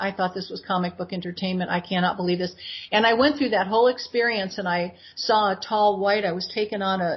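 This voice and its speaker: A woman in her sixties, a guest in an interview, telling her personal story in an animated way and acting out what she said back then. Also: medium pitch. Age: 60s. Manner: animated retelling that acts out her own past words. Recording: dull lo-fi audio.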